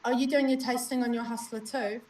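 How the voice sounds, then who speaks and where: A woman's voice: fairly high pitch, fairly even intonation, brisk, a little mellow, distant mic, a little hiss or hum. A woman with a New Zealand accent co-hosting a live stream, chatting casually and greeting viewers by name. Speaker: livestream co-host. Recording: roomy, from off-mic, faint ambience.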